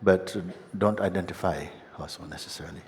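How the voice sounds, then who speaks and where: A man giving a satsang teaching as a spiritual teacher, gentle and unhurried, often breaking into laughter. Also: low-pitched, gravelly, slight background noise. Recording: long hall reverb with faint ambience.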